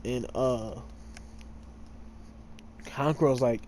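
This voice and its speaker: Extremely slow and darkish in tone, this man's mid-range voice carries a casual retelling of a fan story during gameplay. He leans on fillers and keeps tripping over names and correcting himself. A slight background noise is present.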